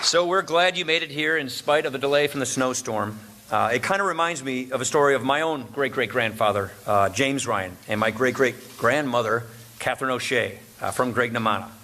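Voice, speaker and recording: Bright-voiced man giving a joking luncheon speech. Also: medium pitch, brisk, a faint crowd. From Wisconsin, USA. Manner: joking, chuckles at his own punchlines. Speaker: speaker at a political luncheon. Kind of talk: formal after-lunch speech.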